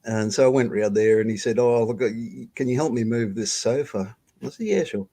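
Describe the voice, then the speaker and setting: Older Australian man, casual halting storyteller, swears freely, video-call audio. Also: medium pitch, dark tone. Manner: rambling, halting, swears freely, laughs often. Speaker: guest storyteller. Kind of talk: casual storytelling on a live stream.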